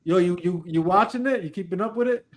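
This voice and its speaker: A man's voice: high voice, fast. Laughing man hosting a call. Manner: laughs often, loose and joking. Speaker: podcast host. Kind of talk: casual chat on a call. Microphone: video call.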